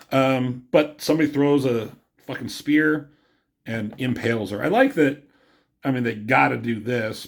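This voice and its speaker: A man's voice: mid-range voice, creaky. A man giving a casual, rambling comic book review, cursing often and talking offhand.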